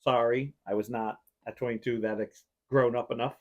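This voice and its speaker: This male podcast host has a mid-range, slightly mellow voice with fairly even intonation, talking at normal speed over lo-fi audio. In casual chat he spins a long, wandering tale packed with "like," replaying his own past reactions.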